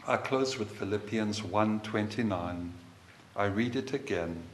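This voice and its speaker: Slow-preaching man in an echoey room. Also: lowish voice, slight background noise. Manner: slow, measured preaching with repeated phrases. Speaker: pastor. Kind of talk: sermon.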